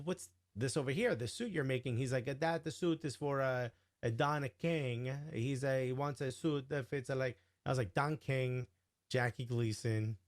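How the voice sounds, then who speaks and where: A man guest telling an animated, casual story, full of "like" and "you know", acting out the quoted dialogue. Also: mid-range voice. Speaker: podcast guest.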